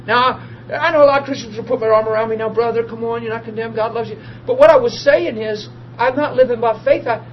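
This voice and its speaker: A man tells his testimony like a preacher, his voice pitched high for a man. He drops to near-murmurs and then climbs into loud, tearful laughter. The recording is dull and lo-fi with steady noise behind him. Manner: emotional, swings from hushed to loud laughing and crying. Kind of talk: testimony storytelling.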